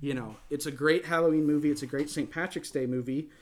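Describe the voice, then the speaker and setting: A man with a fairly high voice hosts a casual movie chat. He rambles with enthusiasm, piles up fillers and restarts, and keeps circling back to his point. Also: fairly even intonation, quick pace. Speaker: podcast host.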